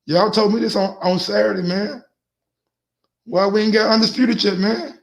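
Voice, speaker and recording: Man, sports call-in host, slightly high voice, excitable, repeats words, laughing. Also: moderate pace, creaky. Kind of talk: casual sports call-in talk.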